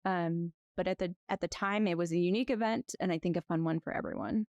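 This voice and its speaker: A woman lawyer being interviewed, chatting in a rambling, lively way with frequent restarts. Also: fairly low pitch, quick pace, no room sound, highs cut off. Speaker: guest, lawyer. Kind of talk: conversational interview.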